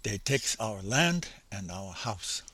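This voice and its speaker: Wolfie is a sad young German sailor, talking in a quiet, subdued way with broken English and a thick German accent, as an older storyteller puts him on. The pitch moves freely through each phrase, and the recording is dry and close, with no room sound. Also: male voice, big pitch swings, takes it slowly, slightly rough, no room sound, full character voice. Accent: German (put on).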